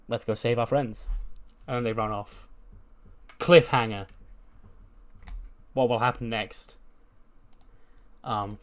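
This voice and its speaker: A man in an everyday mid-pitched voice casually recapping his wrestling booking game. He rambles along with fillers and little laughs, like a relaxed let's-play narrator. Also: smooth. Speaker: gaming YouTuber. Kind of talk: casual commentary on a wrestling sim.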